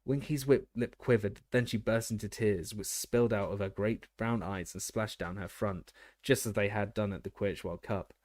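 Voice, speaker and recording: A man narrating an audiobook in a steady reading voice, now and then restarting a word. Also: lowish voice, moderate pace, few pauses, dry recording, clean studio sound. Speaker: audiobook reader.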